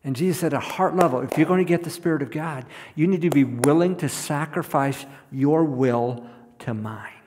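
A man's voice: on the high side, moderate pace, darkish tone. A man preaching a sermon in a conversational way, often repeating words as he goes. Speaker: pastor. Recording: long hall reverb.

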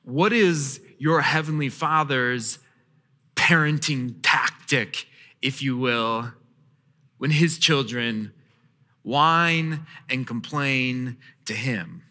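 A male pastor in his thirties preaching a sermon, telling stories from home with playful acted quotes and sudden swings between loud and soft. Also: mid-range voice, very slow. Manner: storytelling with acted quotes and sudden shifts in loudness. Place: church sanctuary. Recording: long church hall reverb.

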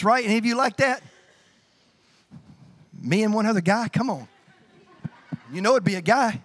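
A middle-aged man preaching a sermon as pastor, animated and humorous, telling stories with sound effects. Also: very high-pitched, moderate pace, long pauses.

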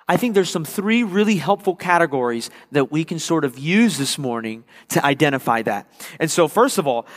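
A male pastor delivers an earnest sermon, leaning on repeated phrases to drive each point home. His voice sits a little high for a man. It rings out with a long reverb, as if filling a church sanctuary.

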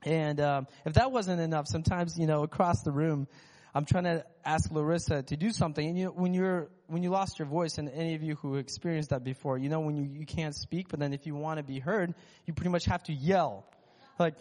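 A man's voice: on the high side, brisk, a little mellow, long reverb tail. A worship leader, a man, sharing a candid, self-deprecating testimony with his church. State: recovering from lost voice. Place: church sanctuary.

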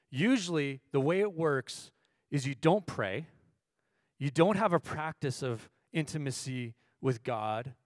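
Male pastor, high-pitched, dry close recording, impassioned sermon delivery. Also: no room sound. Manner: swings from low, quiet teaching to loud, impassioned preaching; asks the audience questions.

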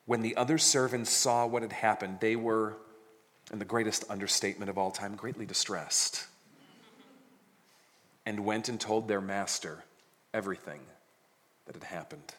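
A man's voice: on the low side, normal speed, pauses often, a bit bright. A man preaching a sermon, reading scripture dramatically and adding casual jokes. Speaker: pastor. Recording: reverberant hall.

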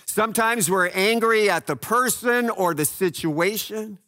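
A man preaching a sermon in a slow, earnest way, swinging between loud passages and hushed ones. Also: sits high. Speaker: pastor.

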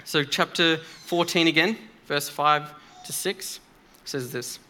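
A man's voice: a little high, slow pace, pushed and bright. A man preaching a sermon in a church, earnest and emphatic, speaking conversationally with occasional fillers.

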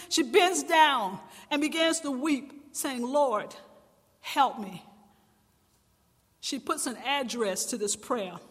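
Woman pastor, high bright voice, fervent sermon delivery, long church-hall reverb. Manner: impassioned, swelling to loud emphatic cries. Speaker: preacher.

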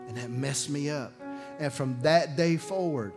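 A man from preaching a sermon as pastor, telling a personal story with loud bursts and hushed low passages. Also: a little slow, creaky, music in the background. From Alabama.

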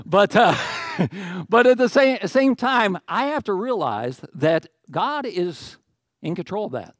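A middle-aged male pastor delivering a sermon, lively and joking, now and then acting out other people's words. His voice sits a bit high for a man. The sound is close and dry, with no room around it. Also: slow pace, no room sound. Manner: animated, jokey asides, acts out quoted voices.

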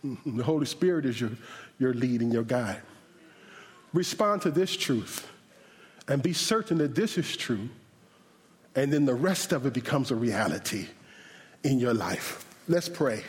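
A male pastor preaching an animated, humorous sermon with shouted bursts, then praying in a softer voice. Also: medium pitch, a little slow, long pauses. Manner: closes in a softer prayer. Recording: reverberant hall.

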